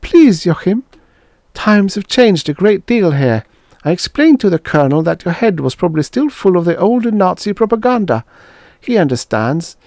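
A prim older wife with a raised, gentle voice, as a male reader puts her on. She pleads softly and a little primly. The read-aloud story is recorded dry and close. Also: high-pitched, very animated, normal speed, dry recording, pitched above the performer's own voice. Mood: pleading. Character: elderly woman, prim, grieving, devoted wife.

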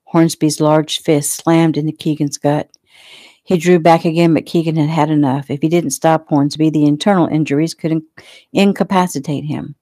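A woman author reads her own novel aloud, casually and plainly, as if sitting in the room with you. Her voice is low and mellow. The recording is dry, with no room echo. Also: fairly even intonation, moderate pace. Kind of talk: casual audiobook reading.

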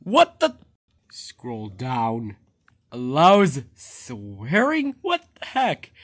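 A fan animator voicing the bickering characters of a homemade object-show cartoon, jumping from sulky mutters to sudden loud yelling. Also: mid-range voice, wildly swooping pitch, very slow.

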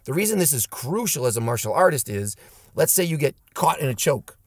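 A man's voice: on the high side, big pitch swings, a little fast, no room sound, studio quality. A man who teaches martial arts giving an emphatic, punchy motivational talk to camera. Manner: emphatic and punchy, with blunt pep-talk lines. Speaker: martial arts instructor and channel host.

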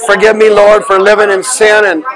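High-voiced man shouting commands in prayer. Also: little pitch movement, moderate pace, rough recording. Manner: forceful, commanding, often shouting. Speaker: minister leading deliverance prayer. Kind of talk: loud deliverance prayer and commands. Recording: crowd noise behind.

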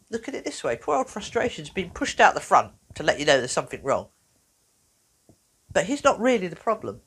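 Lively woman teaching children. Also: medium pitch, slightly rough. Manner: animated, playful, acts out little voices. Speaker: children's wellbeing presenter. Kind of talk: talking to children in an educational video.

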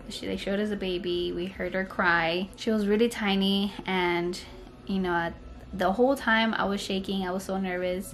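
A young woman telling a personal story to camera in a casual vlog, rambling and full of "like" and "you know". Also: mid-range voice. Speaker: vlogger.

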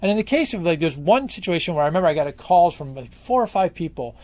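A man in a candid interview, talking in long, rambling stretches, with blunt profanity and a forceful edge. His voice sits a little higher than most men's. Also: big pitch swings, quick pace, no room sound. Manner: emphatic, profane, rambling storyteller.

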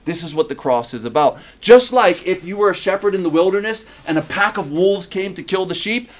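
Emphatic preaching man, fairly high voice. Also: lively intonation, brisk. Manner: emphatic preaching with repeated phrases and rhetorical questions. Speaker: pastor. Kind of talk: sermon. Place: church in Uganda.

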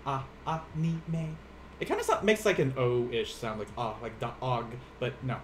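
A man's voice: mid-range voice, big pitch swings, moderate pace, a little hiss or hum. A young man teaching a casual livestream language lesson from home, rambling, laughing often and poking fun at himself, with lots of fillers. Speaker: Japanese teacher. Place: home room.

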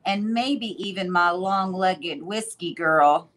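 A woman's voice: lowish voice, takes it slowly, a bit bright. A woman hosting a live furniture-painting stream, chatting casually and thinking aloud as she works. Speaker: host. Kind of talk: casual demo narration.

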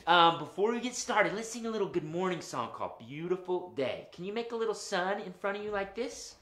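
A man hosting a children's puppet show, talking to the kids at home in an animated, sing-song way. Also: high voice. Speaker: children's entertainer host. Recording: roomy room echo.

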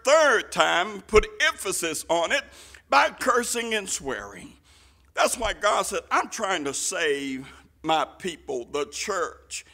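A man preaching a sermon with passion, swinging from quiet asides to shouted lines, using folksy Southern turns of phrase. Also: high-pitched. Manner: impassioned, rising to shouts.

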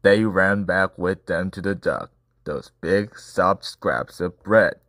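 A man's voice: low-pitched, slow pace, a bit bright, dry recording, studio quality. A man, the channel host, reading a children's picture book aloud in an upbeat, playful way. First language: Korean. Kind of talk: children's story read-aloud.

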